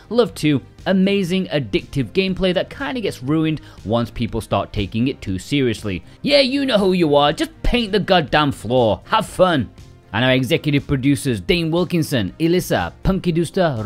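A man hosting a game release roundup in casual scripted commentary, full of sarcastic joking asides. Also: a little high. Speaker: game release news host.

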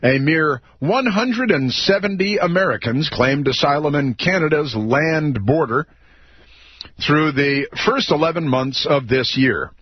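A man's voice: a little high, animated, measured pace, breathy edge, dry recording. A man hosting political talk radio, sarcastic, mocking and combative. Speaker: radio talk show host. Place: radio studio. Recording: dry, slightly dull studio audio.

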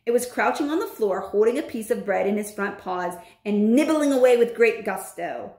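A woman reads a children's novel aloud in an expressive, storybook way. Her voice sits at a middle pitch but moves a lot. The room gives it a noticeable echo. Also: moderate pace. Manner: expressive, with lively intonation. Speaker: teacher reading a novel aloud. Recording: roomy echo.

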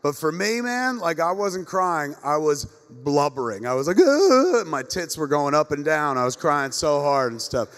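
A man's voice: a little high, moderate pace, hardly any pauses. Middle-aged man telling profane stories in an echoey hall. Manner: animated, profane, rambling anecdotes. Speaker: panel moderator. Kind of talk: comedic storytelling to a live audience. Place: comic convention panel stage. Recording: echoey convention hall with long reverb.

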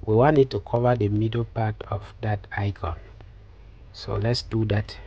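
A man calmly talking through a phone design tutorial step by step, with many fillers. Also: lowish voice, moderate pace, breathy edge, lo-fi sound. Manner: calm step-by-step instructions with frequent fillers. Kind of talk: screen-recorded software tutorial.

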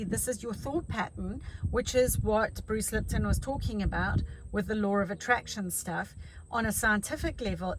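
A woman's voice: mid-range voice, background noise. A middle-aged woman life coach giving a chatty motivational talk, telling stories with many restarts.

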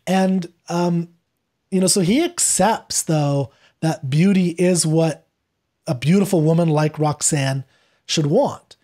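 Animated man retelling a play. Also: on the high side, slow pace. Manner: animated, acts out quoted lines while retelling. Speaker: podcast guest. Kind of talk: conversational literary discussion.

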